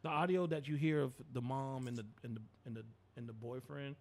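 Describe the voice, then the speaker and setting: A man's voice: medium pitch, a little fast. A man co-hosting a podcast in casual chat, loose and profane, acting out quotes as he tells stories. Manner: loose, profane, animated storytelling with acted quotes. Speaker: podcast co-host. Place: studio.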